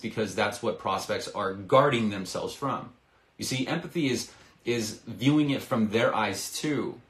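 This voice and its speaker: Energetic man coaching sales, roomy sound. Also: on the low side. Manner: energetic, persuasive, acts out sales dialogue. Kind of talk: live-stream sales lesson.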